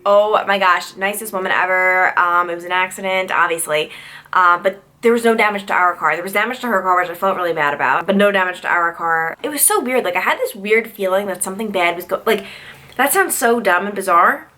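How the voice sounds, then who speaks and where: Brief: young woman vlogger, bright, forceful tone, chatty and tired, lots of "like.". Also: mid-range voice, animated, fairly quick. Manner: chatty, peppered with "like" fillers. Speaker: vlogger and news reporter. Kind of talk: casual vlog chat.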